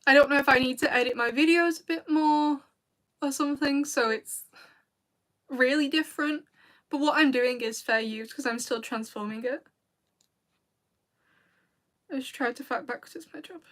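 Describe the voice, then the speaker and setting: A woman's voice: sits high, steady tone, moderate pace, pauses often, a bit bright. A British woman chatting casually with viewers on a livestream, rambling and laughing often. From Britain. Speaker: video creator and streamer.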